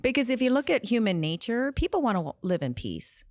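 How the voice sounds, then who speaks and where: A woman's voice: fairly high pitch, sing-song, a little fast, no room sound, studio quality. A middle-aged woman chatting as a guest on a podcast. She laughs often and wanders off on tangents. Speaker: interview guest, nonprofit director. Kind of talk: casual podcast conversation. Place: podcast studio.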